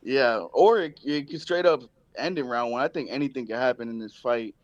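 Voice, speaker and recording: Easygoing male caller, smooth clear voice. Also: mid-range voice, a little fast, no room sound, muffled recording. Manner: relaxed, rambling, easygoing. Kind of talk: casual chat.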